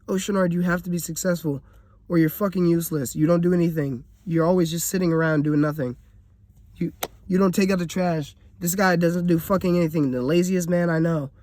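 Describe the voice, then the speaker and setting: A man's voice: a little high, steady tone, a little fast, a little mellow, no echo, pitched above the performer's own voice, natural voice. A man mimicking a scornful, nagging family member in a mocking, belittling way, inside his car.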